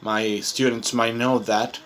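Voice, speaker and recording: A man's voice: medium pitch, level tone, takes it slowly, a bit bright. A Chilean man, a native Spanish speaker, who teaches English and talks through an unplanned monologue in a rambling, talkative way, full of fillers. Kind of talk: improvised self-recorded monologue.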